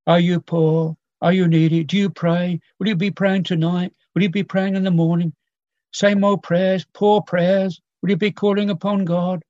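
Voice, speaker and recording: A man preaching a sermon, slow and earnest, quoting old scripture with pauses and appeals to his hearers. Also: sits high, flat delivery, a little mellow, no room sound. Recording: dull lo-fi dry sound.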